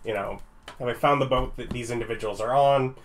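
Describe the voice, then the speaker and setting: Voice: mid-range voice, brisk, slight background noise. Chatty player at a game table. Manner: chatty, laughs often. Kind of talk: casual tabletop role-play.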